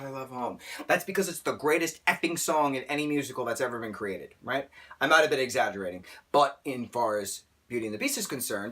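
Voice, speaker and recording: A man ranting through a film review in an animated, exasperated and theatrical way, with sarcastic outbursts. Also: mid-range voice.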